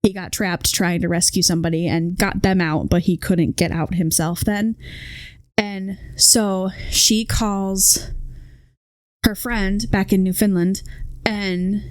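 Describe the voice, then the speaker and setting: A woman's voice: medium pitch, fairly even intonation, takes it slowly, no echo. A young woman hosting a podcast, chatting casually and rambling with many fillers. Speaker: podcast host. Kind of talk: casual chat.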